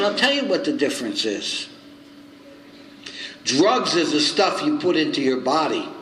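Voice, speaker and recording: A man in his seventies, a recovery circuit speaker telling stories at a meeting and acting out both sides of the conversations with lively swings in his voice. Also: on the high side. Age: 70s. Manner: animated storyteller acting out both sides of dialogue. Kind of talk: storytelling talk at a recovery meeting. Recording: echoey hall with faint noise.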